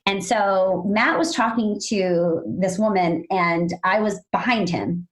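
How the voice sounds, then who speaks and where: Woman, podcast co-host, casual chat, animated storyteller who acts out quotes. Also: mid-range voice, takes it slowly, hardly any pauses, poor audio.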